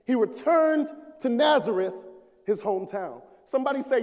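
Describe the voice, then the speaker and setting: High, impassioned male preacher in a hall. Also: lively intonation, moderate pace. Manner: impassioned preaching, swelling to shouts and dropping low. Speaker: associate minister. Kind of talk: sermon.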